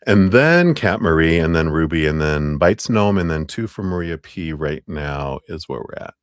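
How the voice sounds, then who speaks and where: A deep, gravelly male voice with a dry, close-miked sound. He hosts a live tarot stream and keeps up chatty, apologetic banter as he works through his list, laughing easily. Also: lively intonation, moderate pace, dry recording. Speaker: tarot reader hosting live readings. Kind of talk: casual live-stream chat.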